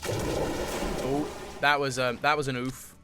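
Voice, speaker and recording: A young man streaming a video game, chatting casually and self-mockingly with animated reactions. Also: medium pitch, slow, music in the background. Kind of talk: live gameplay commentary.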